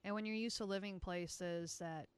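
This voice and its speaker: A guest in a casual chat who talks in a relaxed, easygoing way. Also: medium pitch, moderate pace, clean tone. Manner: relaxed, easygoing, says "you know" a lot.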